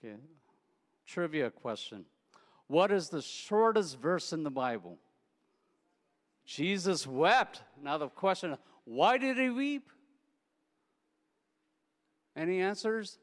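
A man preaching a sermon in a relaxed, conversational way, telling anecdotes and often repeating words as he goes. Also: sits high, slow, pauses often. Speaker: pastor. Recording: echoey hall.

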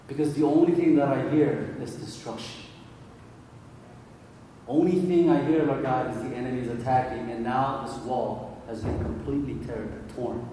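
A man's voice: mid-range voice, fairly even intonation, normal speed, warm tone, slight background noise. A man preaching a sermon in a casual storytelling way, full of fillers, in a large church hall. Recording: echoey hall from far off.

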